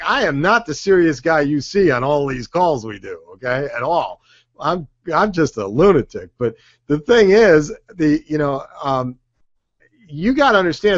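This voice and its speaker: Upbeat sales coach, man, a bit high-pitched, dull lo-fi sound, keeps checking in with the room. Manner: energetic, joking, repeats points with "okay?" and "right?". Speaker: sales trainer. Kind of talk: live sales training talk.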